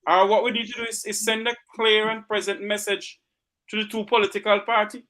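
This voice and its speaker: Jamaican talk show host, high bright voice, fired up and close to tears. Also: male voice, flat delivery, brisk. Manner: impassioned, rhetorical questions. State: near tears. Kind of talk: emotional talk show monologue.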